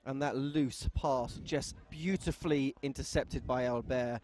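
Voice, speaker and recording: Guy on live match commentary, mid-pitched voice, joking and teasing his co-host. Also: fairly even intonation, a little slow, darkish tone. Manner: teasing, dry-humored, banter. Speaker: sports commentator and player.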